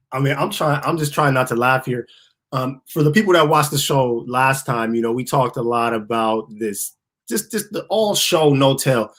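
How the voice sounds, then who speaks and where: A man's voice: medium pitch, a bit bright. A man co-hosting a talk show, giving blunt, slangy political commentary with the odd laugh. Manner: blunt, laughing, slangy, slows to stress points. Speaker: co-host.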